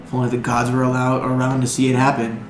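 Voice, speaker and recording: A man's voice: medium pitch, completely flat delivery, quick pace, reverberant, noisy background, natural voice. A man doing a grumbling village shopkeeper. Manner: grumbling, then folksy and salesy. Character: weary male village shopkeeper, grumbling but friendly.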